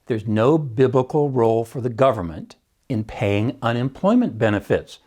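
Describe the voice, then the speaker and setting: A man's voice: mid-range voice, animated, normal speed, darkish tone. A man, an economics professor, giving prepared podcast commentary in an emphatic way, often opening points with "See," and adding wry asides.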